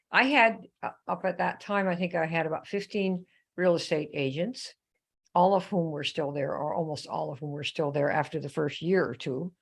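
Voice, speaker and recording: A woman hosting a live coaching session, telling a story in a chatty, animated way and turning to viewers with questions. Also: low-pitched, normal speed, creaky. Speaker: host. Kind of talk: live online coaching talk.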